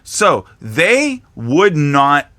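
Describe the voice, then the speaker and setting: Animated, bright-voiced man podcaster. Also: fairly high pitch, very slow. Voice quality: profane, animated storyteller. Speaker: podcast co-host. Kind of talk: casual podcast chat.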